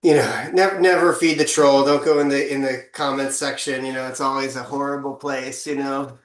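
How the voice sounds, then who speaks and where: A man's voice: medium pitch, fairly even intonation, fairly quick. Man, podcast host, easygoing, conversational, affirming, roomy echo. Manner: easygoing, lots of "you know" and affirming murmurs. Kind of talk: casual interview.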